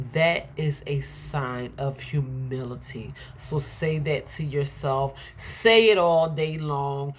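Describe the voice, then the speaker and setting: Middle-aged philly woman, low voice, slow and emphatic, repeats affirmations like a preacher. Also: breathy edge. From Philadelphia. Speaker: motivational speaker. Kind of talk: motivational affirmation talk.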